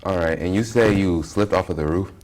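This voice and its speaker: A man hosting an interview, giving a measured, dramatic intro and asking simple questions. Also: deep voice, darkish tone. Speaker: host.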